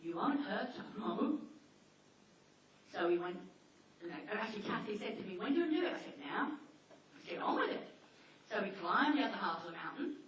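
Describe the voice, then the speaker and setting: A woman giving a live seminar talk to an audience, telling stories and acting out dialogue with sudden jumps in pitch. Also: fairly quick, slight background noise. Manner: animated storyteller, acts out dialogue with lively pitch jumps. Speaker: dog behaviour speaker. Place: lecture hall. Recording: echoey hall, voice from far off with faint ambience.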